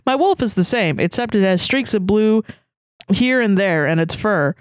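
A woman's voice: medium pitch, animated, normal speed, no echo. A woman co-host reads a fanfiction story aloud in a casual, playful way, breaking off for little asides. Her voice sits in a middle register, and the recording is close and dry with no room sound. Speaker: podcast co-host.

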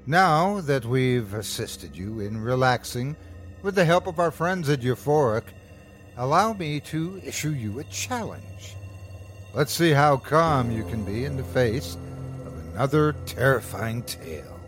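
A man's voice: medium pitch, sing-song, a little slow, over music. Theatrical male horror-show host. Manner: theatrical, announcer-like delivery. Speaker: podcast host. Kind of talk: scripted show introduction.

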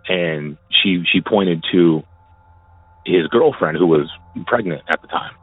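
A man casually telling a personal story, halting and often repeating his words as he goes. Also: sits low, steady tone. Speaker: caller sharing a personal story. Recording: tinny phone line, dry.

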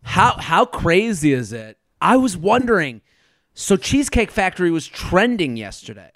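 A man co-hosting a podcast in casual chat, animated and rambling, with repeated stammered restarts. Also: high voice, normal speed, no echo, studio quality. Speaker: podcast co-host. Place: remote recording over a video call.

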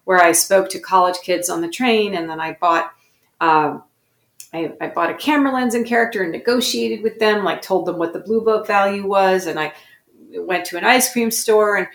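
A woman's voice: mid-range voice, normal speed, roomy sound. A woman being interviewed as a guest actor, telling stories in a reflective, self-correcting way. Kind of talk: interview conversation.

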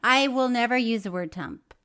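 A woman co-hosting a comedy podcast, chatting casually and reading listener mail aloud with a quick laugh. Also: fairly high pitch, animated, a crowd in the background. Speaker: podcast co-host.

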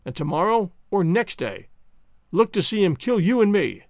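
A man voicing a grim, stubborn frontier husband who speaks flatly and harshly in a storybook reading. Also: high-pitched, moderate pace, dry recording, studio quality.

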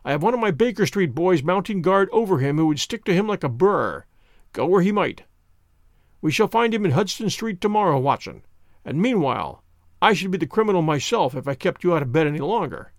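A man reading aloud who voices a calm, incisive male detective in a storybook, with a measured, composed manner. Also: high-pitched, no room sound, studio quality. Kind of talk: audiobook character reading.

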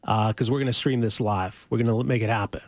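A man hosting a live radio talk show from a studio mic, chatty and quick to laugh. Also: mid-range voice, steady tone, no echo. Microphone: studio microphone.

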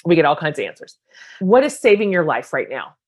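A woman's voice: low-pitched, sing-song, brisk. A woman hosting a podcast interview, asking questions in a chatty, enthusiastic way. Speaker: podcast host. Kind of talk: casual interview.

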